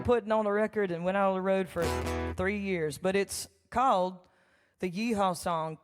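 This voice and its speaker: A woman, a country songwriter telling folksy, animated stories during a live church concert. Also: medium pitch, normal speed. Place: church sanctuary. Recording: long hall reverb with faint music.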